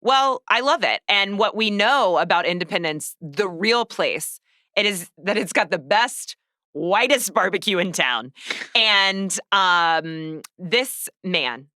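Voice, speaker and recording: A woman's voice: mid-range voice, slow, no room sound, studio quality. A woman hosting a podcast, recapping a movie in casual, sarcastic chat. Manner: chatty, sarcastic, animated storytelling. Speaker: podcast host.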